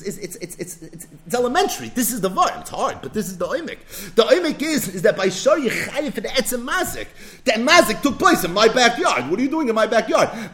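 A man with a fairly high voice teaches a Talmud lesson. His pitch swings widely as he throws out questions and answers them at once. He keeps the delivery lively and emphatic. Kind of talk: animated Talmud lecture.

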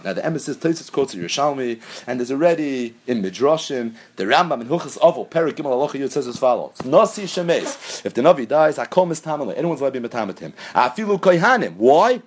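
A man giving an animated Talmudic lecture as a Torah teacher, posing questions and answering them himself. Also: on the high side, husky. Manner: animated, rapid, asks and answers his own questions.

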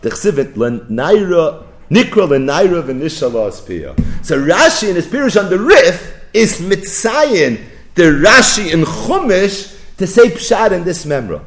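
Animated man giving a lecture. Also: high-pitched, measured pace. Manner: animated, singsong quoting of texts, rising to near-shouts. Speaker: Talmud teacher. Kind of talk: yeshiva-style Talmud lecture.

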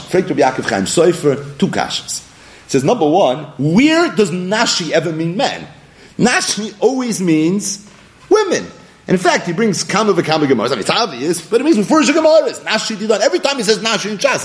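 Animated man teaching a Talmud class. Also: sits high. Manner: animated, poses questions and answers them. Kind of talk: Talmud study lecture.

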